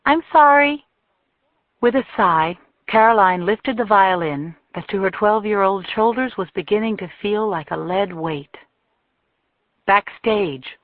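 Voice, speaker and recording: Brief: woman audiobook narrator, expressive storytelling, tinny dry recording. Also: lowish voice, no echo. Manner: measured, expressive reading. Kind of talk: scripted narration. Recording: thin phone-like dry sound.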